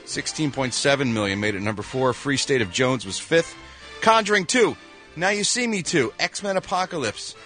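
A male radio host from Philadelphia whose pitch swings widely as he talks. He reads entertainment news with a bright, forceful edge, jokey and animated, over faint music. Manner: animated, jokey, with quick sound-effect interjections. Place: radio studio.

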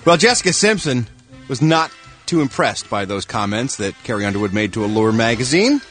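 A man's voice: mid-range voice, sing-song, a little fast, fairly bright tone, faint music behind. A man reading a showbiz gossip segment on a radio show, wry and joking. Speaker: entertainment news reporter.

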